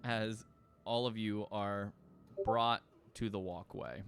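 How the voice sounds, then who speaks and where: A man with a low voice narrating as game master, slow and casual with fillers. Faint music sits behind him. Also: fairly even intonation.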